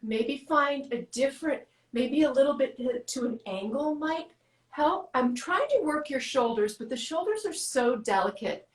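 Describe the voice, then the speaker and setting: A woman fitness coach guiding a workout with quick, encouraging cues, out of breath. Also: high voice, animated, reverberant, low-quality recording.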